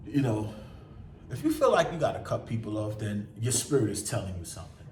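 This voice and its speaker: Man, blunt motivational vlogger, swears freely, lively swooping delivery, echoey and a little far off. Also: fairly low pitch, a little fast, slight background noise. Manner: blunt, profane, animated, acts out quoted people. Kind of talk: casual motivational monologue. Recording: roomy sound from away from the mic.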